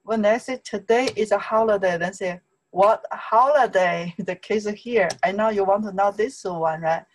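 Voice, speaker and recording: A woman with a Chinese accent teaching an online lesson, drilling syllables slowly and checking in with "okay?" again and again. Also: medium pitch, a little hiss or hum, poor audio.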